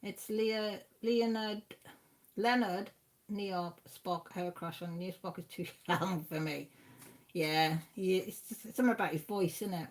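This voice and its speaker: A woman's voice: fairly low pitch, expressive, normal speed. A middle-aged woman with a Radnorshire Welsh accent, hosting a casual livestream, chatting in a rambling, self-deprecating way and reading out viewers' comments. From Wales, Radnorshire. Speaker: livestream host.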